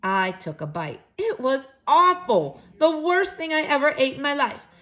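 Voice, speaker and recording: Animated woman reading a storybook aloud. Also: high voice, measured pace. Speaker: storybook reader for children. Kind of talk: reading a children's book aloud.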